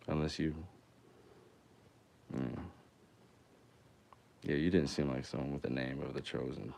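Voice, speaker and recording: A young man with a very deep, low voice rambles through crude, joking banter with his viewers. He talks off the cuff and swears freely, the way a musician chats on a casual livestream. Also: fairly even intonation, unhurried, gravelly, long pauses, a little mellow.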